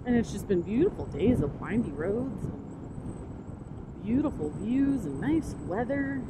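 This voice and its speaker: A woman talking casually as she rides, excitable and rambling, jumping from thought to thought. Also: on the high side, slow. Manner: excitable, rambling, easily distracted. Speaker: motovlogger. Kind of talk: casual motovlog while riding. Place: outdoors on a motorcycle. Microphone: helmet-mounted camera mic. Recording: wind and engine noise. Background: road and vehicle noise.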